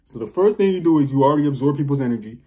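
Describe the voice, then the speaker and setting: Fast-talking emphatic young man. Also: medium pitch, lively intonation, mellow. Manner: emphatic, profane, repetitive. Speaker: spiritual vlogger. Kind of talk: casual spiritual monologue.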